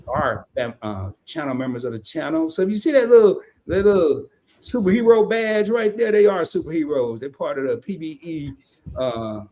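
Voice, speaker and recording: A man with a Southern US accent co-hosting a live stream, chatting casually, joking and reading viewer comments aloud. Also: a little high. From American South. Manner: animated, folksy, jokes and reads chat comments aloud.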